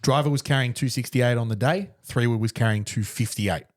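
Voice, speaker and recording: Fast-talking man in casual chat. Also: mid-range voice. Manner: quick, chatty, laughs at his own stories. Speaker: podcast co-host.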